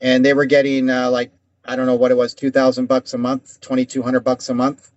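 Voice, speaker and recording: A man's voice: mid-range voice, completely flat delivery, fairly quick, no room sound. Heated rambling man, dull dry recording. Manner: heated, rambling, swears often. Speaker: podcast co-host. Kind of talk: casual conversation.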